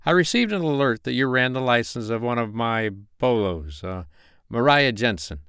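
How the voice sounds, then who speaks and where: Give me a man playing a crooked city detective, guarded and curt, with a crisp, dry storybook sound. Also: medium pitch, animated, normal speed, fairly bright tone, dry recording. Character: corrupt scheming male big-city detective.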